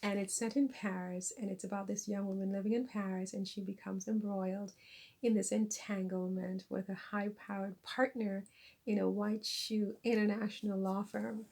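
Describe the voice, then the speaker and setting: Woman vlogger, chatty and self-mocking, gravelly fry in the voice, mid-pitched. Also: flat delivery, moderate pace, a little mellow. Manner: chatty, self-deprecating, laughs at herself. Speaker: vlogger and author. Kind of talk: casual chat to camera. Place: lives in France.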